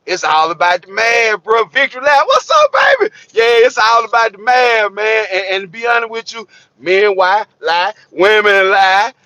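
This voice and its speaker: A man's voice: sits high, moderate pace, sharp tone, dry recording. A man, a trucker vlogger ranting to camera in a blunt, profane, streetwise way, preaching and repeating himself. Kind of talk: blunt unscripted rant to camera. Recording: dull lo-fi recording.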